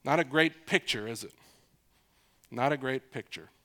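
A man's voice: medium pitch, moderate pace, sharp tone. A middle-aged man preaching an expository sermon in a conversational way, repeating phrases for emphasis and asking his listeners questions.

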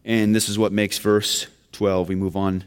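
A man's voice: fairly low pitch, level tone, unhurried, clear, resonant tone. A man preaching a sermon, earnest and building to emphatic questions. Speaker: pastor.

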